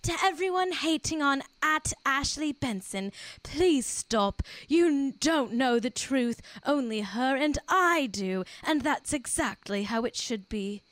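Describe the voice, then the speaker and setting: A woman's voice: high-pitched, lively intonation, measured pace, a bit bright, no echo, voice pushed up, rough recording. A woman putting on a posh British accent to read out an earnest statement.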